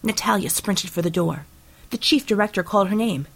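A woman narrating an action audiobook in steady, dramatic storytelling. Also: medium pitch, fairly quick, creaky, low-quality recording.

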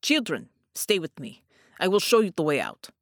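A woman reads a scary-looking but protective man gathering children to lead them out. She drops her voice low and keeps it slow, firm and commanding. It is recorded close and dry. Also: huge pitch swings, no room sound.

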